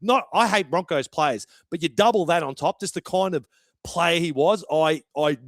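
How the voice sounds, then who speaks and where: A man's voice: fairly high pitch, moderate pace, no echo. A young Australian man hosting a sports podcast in a brash, chatty way, swearing freely. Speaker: podcast host. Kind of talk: casual podcast commentary.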